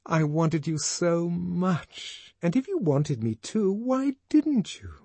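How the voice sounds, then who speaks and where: A man reading aloud puts on an impatient young woman, exasperated and questioning sharply. The voice sits raised above his own and moves up and down a lot, with a husky grain. It sounds close and dry. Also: high voice, animated, takes it slowly, mellow, dry recording, voice pushed up, exaggerated voice. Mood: coaxing. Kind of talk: audiobook character voice.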